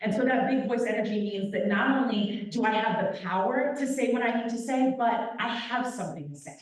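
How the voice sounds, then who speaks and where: A young woman speaks to a live audience, animated and playful, teasing the crowd as she talks. Her voice rings through a very echoey hall and sounds a little distant from the mic. Her pitch sits in an ordinary middle range for a woman. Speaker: guest speaker, opera company vice president. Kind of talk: lively public talk to an audience. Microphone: handheld microphone.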